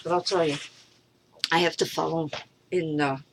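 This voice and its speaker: A middle-aged woman in a rambling personal monologue, frustrated, halting, swearing freely and trailing off. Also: sits low, fairly even intonation, creaky, very noisy. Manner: halting, with many pauses and fillers. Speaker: vlogger.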